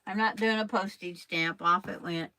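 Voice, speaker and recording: With a lowish voice, fairly even intonation, and a moderate pace, an older quilting channel host chats casually on her live stream. She rambles as she sews, calling viewers by name, while the background stays noisy.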